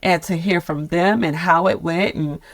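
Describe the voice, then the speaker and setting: A woman in her fifties, a nonprofit leader, telling her sabbatical story in a candid, expressive podcast conversation with frequent laughter. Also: lowish voice, normal speed, no room sound.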